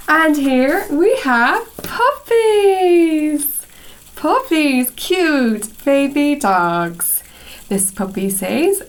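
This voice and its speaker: A young woman teaching English to small children, slowly reading a picture story and asking them questions. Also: sits high, sing-song. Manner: slow, sing-song and encouraging, with questions to the children. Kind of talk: slow storybook reading lesson for kids.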